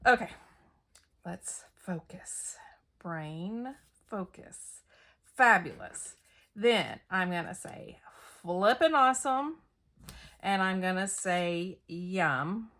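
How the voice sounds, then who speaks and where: This middle-aged scrapbooking crafter talks casually through her layout, self-deprecating and thinking aloud as she works. Her voice is mid-range and a bit bright.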